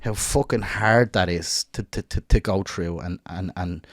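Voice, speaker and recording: A man's voice: deep voice, a little slow, no echo, clean studio sound. An Irish man co-hosting a podcast in casual chat, emotional and rambling, swearing freely and stumbling over his words. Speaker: podcast co-host.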